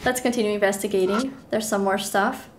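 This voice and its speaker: A young woman streaming a horror game, reading the text aloud with animated, giggly reactions between stretches of calm narration. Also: mid-range voice, fairly quick, a little hiss or hum. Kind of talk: reading a horror visual novel aloud while playing.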